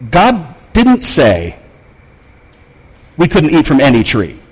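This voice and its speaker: A man's voice: a little high, huge pitch swings, slow, breathy edge. A man preaching a sermon in a conversational, emphatic way with touches of wry humor. He sounds like a pastor speaking in a church sanctuary, and his voice carries the long echo of a large hall.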